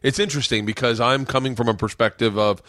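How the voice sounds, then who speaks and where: Male podcast host from Florida, mid-pitched, casual and profane, dry close-up sound. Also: fairly even intonation, sharp tone, no echo. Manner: loose, profane, halting restarts.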